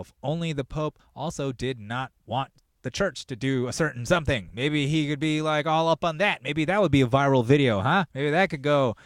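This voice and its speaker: A man hosting a podcast with a profane, riffing comedic rant that builds to loud mock outrage. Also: medium pitch, dry recording, clean studio sound. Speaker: podcast host.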